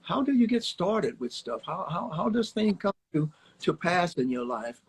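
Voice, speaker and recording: Older husky-voiced man telling stories. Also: sits high, sing-song, normal speed, poor audio. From Alabama, USA. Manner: folksy, rambling, repeats words, chuckles. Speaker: former baseball player, guest. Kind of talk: storytelling interview chat. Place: home, on a livestream. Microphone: phone on a live video stream.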